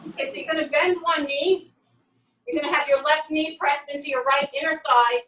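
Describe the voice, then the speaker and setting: A woman's voice: high-pitched, steady tone, fairly quick, a bit bright. A woman fitness coach leading a workout, counting reps and giving upbeat step-by-step cues, recorded in an echoey room with the mic at a distance. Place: home workout space.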